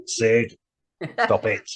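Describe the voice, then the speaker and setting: Man, podcast co-host, husky voice, laconic, wry. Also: medium pitch, a bit bright. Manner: laconic, wry short replies. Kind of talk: casual chat.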